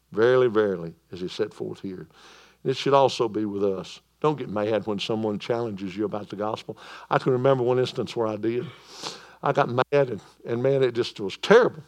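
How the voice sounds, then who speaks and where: A male pastor preaches a sermon in church. His voice is naturally loud and sits in a middle pitch. He swings between emphatic, ringing proclamation and softer, calmer stretches.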